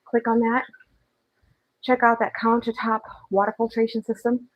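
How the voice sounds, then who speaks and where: Woman walking on a treadmill and chatting to her live chat, bit breathy from the walk, voice on the higher side. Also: monotone, normal speed, dull audio. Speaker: fitness vlogger. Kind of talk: casual livestream chat while walking on a treadmill.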